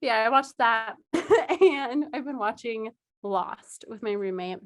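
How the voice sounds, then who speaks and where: Young woman, high voice, podcast co-host, animated, acts out quotes, laughs a lot. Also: measured pace. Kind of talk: casual chat.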